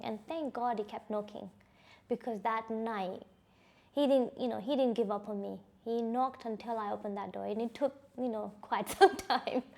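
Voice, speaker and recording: A woman's voice: a little high, gravelly, a little mellow. A woman giving a personal testimony, speaking in a reflective, hesitant way with frequent restarts and "you know.". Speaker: survivor sharing her personal story.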